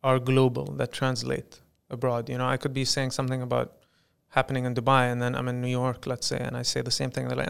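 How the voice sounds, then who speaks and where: A young man from the UAE, a stand-up comedian, chatting on a podcast in a blended Western American accent. His voice is gravelly yet clear and smooth, and his pitch sits in an everyday middle range. He talks in a light, joking way. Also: quick pace, few pauses. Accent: mixed Western American. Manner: lively, jokey, tries on accents. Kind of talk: casual podcast interview.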